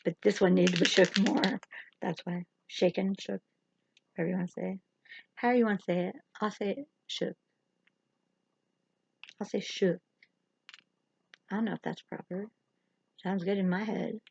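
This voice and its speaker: A woman's voice: mid-range voice, little pitch movement, fairly quick, gravelly, long pauses, a little mellow, slightly rough. A woman hosting a chatty livestream makeup tutorial, rambling and teasing herself as she works. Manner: rambling, joking, self-teasing. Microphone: camera or phone livestream. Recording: dull lo-fi sound.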